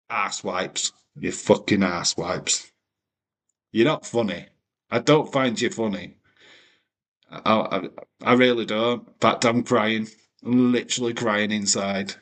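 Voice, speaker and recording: A man's voice: on the low side, takes it slowly, long pauses, a bit bright. A man hosting a live watch-along stream, swearing freely and teasing his chat with mock offence. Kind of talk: casual live-stream commentary.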